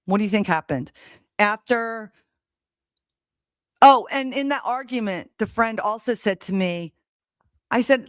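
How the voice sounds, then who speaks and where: A woman venting to her stream audience in a blunt, heated way, cursing as she talks. Her pitch sits in a middle range. The sound is dry and close, with almost no room echo. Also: moderate pace, long pauses, smooth. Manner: blunt, heated storytelling with swearing. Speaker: live stream host. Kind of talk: casual monologue to a live audience. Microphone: streaming setup mic.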